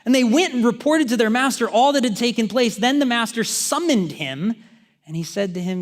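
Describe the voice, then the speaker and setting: A man's voice: extremely high pitch, expressive, brisk. A man preaching a sermon in a church, talking conversationally with joking asides to the congregation. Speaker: pastor.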